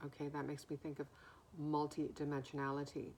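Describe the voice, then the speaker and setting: A woman giving a slow, musing oracle card reading, often pausing to listen and repeating words as they come to her. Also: deep voice, darkish tone.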